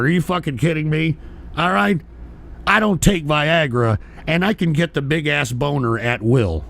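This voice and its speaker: A man's voice: on the high side, creaky, fairly bright tone. Profane, combative ranting male talk host. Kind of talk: live-streamed political talk show.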